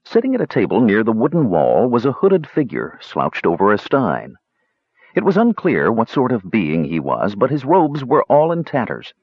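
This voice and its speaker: A man reads a fantasy tale aloud with very lively, swooping intonation. His voice is a little husky. The recording is dry and somewhat dull. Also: mid-range voice, moderate pace, dry recording. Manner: expressive storytelling. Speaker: narrator. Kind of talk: audiobook fantasy narration.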